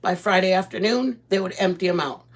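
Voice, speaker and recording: A woman's voice: medium pitch, a little fast. A woman chatting casually with viewers while making food in her home kitchen, rambling and greeting people by name. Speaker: vlog host. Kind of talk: casual live-stream chat while cooking.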